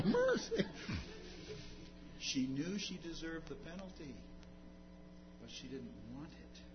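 A man preaching a sermon, swinging between loud emphatic passages and low, intimate storytelling. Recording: dull lo-fi recording with background hum.

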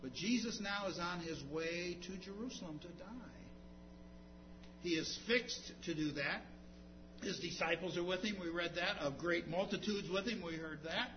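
A man preaching a sermon, swinging between loud emphatic passages and low, intimate storytelling. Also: normal speed. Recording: dull lo-fi recording with background hum.

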